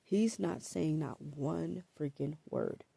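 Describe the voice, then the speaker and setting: A woman with a gravelly, husky voice and a throat scratchy from allergies tells her own story to camera. She talks slowly and haltingly, repeating words and filling pauses with "like" and "um." Her tone is mellow and dark, and the sound is dry and close. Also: deep voice, no echo. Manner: halting and hesitant, repeats words and fills with 'like' and 'um'.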